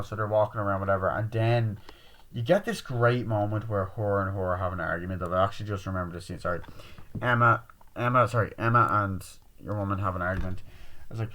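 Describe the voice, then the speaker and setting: A man's voice: lowish voice, brisk. A man giving a rambling, casual spoken film review, acting out lines from scenes with heavy swearing. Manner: retells scenes acting out shouted, swearing quotes; rambling with many fillers. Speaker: movie reviewer.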